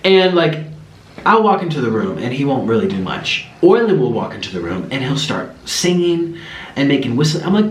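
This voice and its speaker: A man chatting casually to camera as a vlogger, rambling in an animated, talkative way. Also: medium pitch, normal speed, echoey room.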